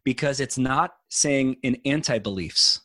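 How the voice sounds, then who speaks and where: A man's voice: mid-range voice, a little slow, fairly bright tone, no room sound, clean studio sound. A middle-aged man, an author, talking earnestly in a casual conversation and building long analogies. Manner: earnest, uses extended analogies. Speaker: author and guest.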